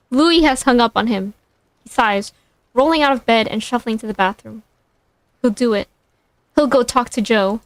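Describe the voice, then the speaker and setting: A woman's voice: a little high, moderate pace, long pauses, no room sound. Amused woman streamer reading aloud. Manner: amused, self-mocking asides. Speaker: streamer reading fan fiction. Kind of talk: casual reading aloud with asides.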